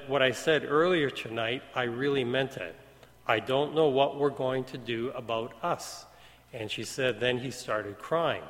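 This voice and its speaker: A man preaching, retelling a story in an even storytelling manner with quoted dialogue. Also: mid-range voice. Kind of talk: sermon storytelling. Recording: long hall reverb.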